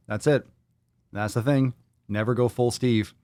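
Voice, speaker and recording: A man's voice: medium pitch, fairly even intonation, measured pace, a little mellow, dry recording. A man hosting a fitness podcast in a blunt, profane, motivational way. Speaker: podcast host. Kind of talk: casual podcast monologue.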